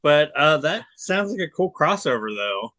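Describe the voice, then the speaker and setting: Male podcast co-host, forceful bright tone, dry close sound; casual and blunt, rambles with fillers. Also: on the high side, sing-song, normal speed, dry recording. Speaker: podcast co-host reviewing disc releases. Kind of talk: casual chat.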